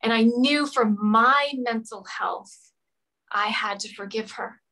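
A woman's voice: on the high side, slow, pushed and bright, rough recording. A woman from Rhode Island, a podcast guest, earnestly telling a personal story of forgiveness. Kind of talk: emotional personal story in interview.

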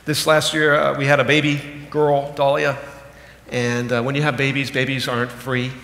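A man in his thirties, a pastor preaching a sermon, animated and emphatic, dropping low and slow for key points. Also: slight background noise. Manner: animated, swings between loud emphatic bursts and low slow asides. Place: church sanctuary. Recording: echoey hall with long reverb.

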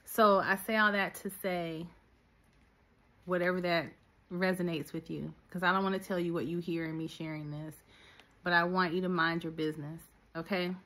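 A middle-aged woman minister and business coach preaching to her listeners in an animated, direct way. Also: fairly low pitch, normal speed. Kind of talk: sermon-style teaching.

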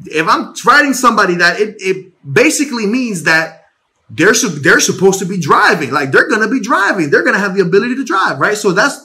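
A man preaching and teaching the Bible casually into a phone at home, animated and repetitive, often restarting words. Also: high voice, brisk. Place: home bedroom.

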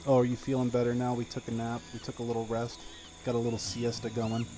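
A man's voice: mid-range voice, fast, noisy background. A man streaming a video game, chatting to the characters and yelping in panic when things go wrong, with game sounds audible behind him. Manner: excitable, talks to the game characters, yelps in panic; frequent exclamations and filler words. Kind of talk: live gameplay commentary.

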